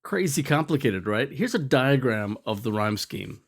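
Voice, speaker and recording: A man narrating an educational video on poetry, explaining in a lively, conversational way. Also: mid-range voice, normal speed. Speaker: teacher.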